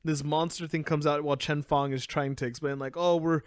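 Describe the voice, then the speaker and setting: A man's voice: fairly high pitch, a little fast, smooth, no echo, clean studio sound. Young man animatedly recapping an anime. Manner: animated recapping, acts out characters' lines. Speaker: podcast co-host. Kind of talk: casual anime review chat.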